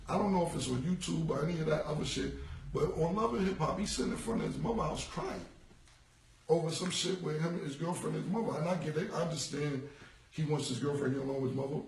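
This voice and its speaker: A man's voice: on the high side, lively intonation, fast talker, gravelly, darkish tone, echoey room, far from the mic, a little hiss or hum, rough recording. A man in his forties in a casual livestream monologue, rambling and repeating himself in street slang. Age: 40s. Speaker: rapper. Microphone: phone.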